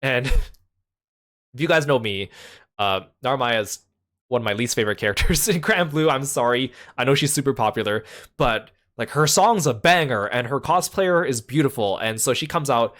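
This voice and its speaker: A man's voice: medium pitch, animated, moderate pace, a bit bright. A man casually recapping a trip in a chatty voice, full of fillers like "like" and "uh".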